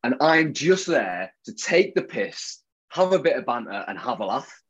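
A man's voice: medium pitch, very animated, normal speed, breathy edge. A man co-hosting a podcast, chatting in a teasing, jokey way and often talking over his co-host. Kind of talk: casual banter.

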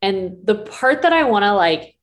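A woman co-hosting a casual live chat as a breathing coach, talking in animated bursts full of "like" fillers. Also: medium pitch, moderate pace.

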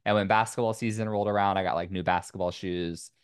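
Smooth-voiced man chatting casually. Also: low-pitched, fairly even intonation, fast, no room sound, studio quality. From Indiana, US. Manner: rambling, many "like" fillers. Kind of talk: casual chat.

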